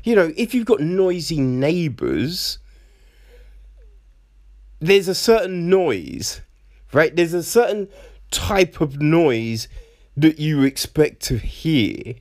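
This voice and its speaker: Here a man reviews a film in a slightly high, sing-song voice, taking his time with long pauses. His talk is chatty, peppered with "right?", and he sometimes mimics others mockingly.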